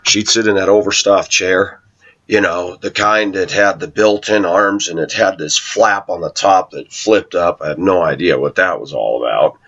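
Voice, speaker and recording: A man's voice: low voice, normal speed, a bit bright, muffled recording. A middle-aged man giving a casual preaching monologue, telling stories, asking rhetorical questions and laughing often. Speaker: online Christian commentator.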